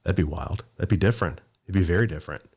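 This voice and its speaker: A man's voice: low voice, quick pace, darkish tone. A man hosting a podcast, chatting casually and tossing in wry, joking interjections. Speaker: podcast host. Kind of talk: casual chat.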